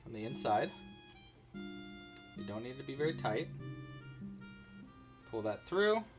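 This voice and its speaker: Lively man teaching crochet on a stream. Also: mid-range voice, takes it slowly, music in the background. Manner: chatty, narrates his own handiwork, playful asides. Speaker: crochet instructor. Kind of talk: casual livestream tutorial.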